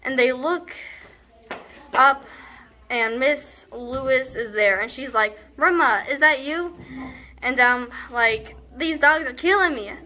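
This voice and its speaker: A woman's voice: high-pitched, slow pace, sharp tone, a little hiss or hum, exaggerated voice. A young woman performing a comedic monologue as a brash, scornful teenage girl, rambling with sarcastic asides. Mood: exasperated. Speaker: student actor.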